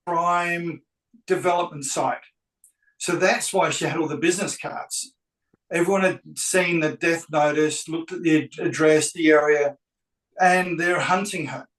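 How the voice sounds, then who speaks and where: A man's voice: a little high, a little slow, far from the mic. Man telling a story, echoey room. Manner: animated, acts out both sides of dialogue. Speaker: real estate agent telling a story. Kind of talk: anecdotal storytelling.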